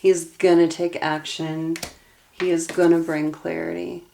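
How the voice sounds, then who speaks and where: Young woman tarot reader, low and steady pitch, earnest, personally invested delivery. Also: a little slow, creaky, a little hiss or hum. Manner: earnest, emotionally invested, talks through cards aloud. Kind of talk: tarot reading monologue.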